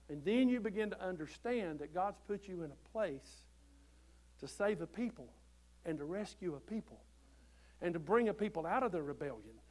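A man preaching a sermon from the pulpit, folksy and conversational, growing loud when he quotes scripture. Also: high-pitched. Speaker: pastor. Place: church.

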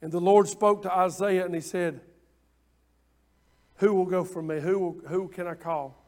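A man preaching a sermon, impassioned and repetitive at times, then dropping into quiet asides. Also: high-pitched, fairly even intonation, normal speed. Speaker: pastor.

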